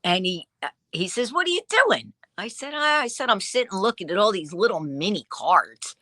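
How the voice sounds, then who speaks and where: A woman vintage dealer telling stories in a casual interview, acting out what people said with lively quoted dialogue. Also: mid-range voice, moderate pace, dry recording. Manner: lively storyteller who acts out quoted dialogue. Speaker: vintage dealer and online seller.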